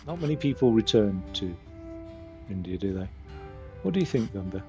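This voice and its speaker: A man's voice: fairly low pitch, very animated, moderate pace, dark tone, highs cut off, soft background music. A man streaming a game live, reading the characters' lines aloud and commenting between them.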